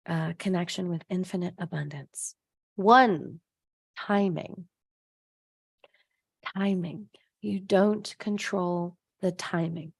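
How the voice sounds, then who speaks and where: A woman's voice: mid-range voice, vocal fry, a little mellow, no echo, studio quality. A woman hosting a live stream, chatting with viewers as she answers their comments, laughing often and acting out voices in her stories. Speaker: host of a live stream, abundance coach.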